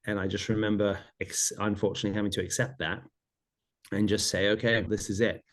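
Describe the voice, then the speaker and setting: A man's voice: deep voice, steady tone, fast. A middle-aged man, a podcast guest, earnestly retelling a personal story in vivid detail, often repeating phrases.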